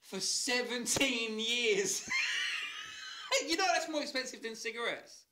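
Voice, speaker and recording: A man's voice: very high-pitched, expressive, measured pace, shouting, heavy background noise. A man co-hosting a casual podcast chat, telling sweary anecdotes and often laughing. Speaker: podcast co-host.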